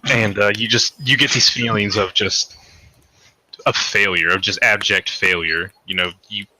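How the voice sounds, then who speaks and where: A man's voice: fairly low pitch, steady tone, moderate pace, sharp tone, no room sound. A man narrating a tabletop game as game master, rambling with lots of fillers and hedges. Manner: rambling, hedging, many fillers.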